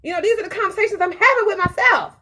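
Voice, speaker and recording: A woman podcast host giving an animated, preachy motivational self-help talk with repetitive phrasing. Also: very high-pitched, racing.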